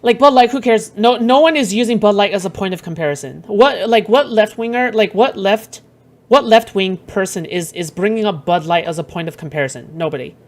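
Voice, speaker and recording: A woman's voice: medium pitch, animated, fairly quick, a little mellow. A woman streaming, reacting to clips in casual commentary, blunt and profane, rambling with lots of fillers.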